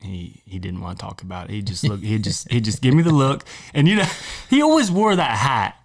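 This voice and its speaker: A young man co-hosting a casual podcast chat, telling rambling, animated stories with plenty of cussing. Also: lowish voice, fairly quick. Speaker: podcast co-host.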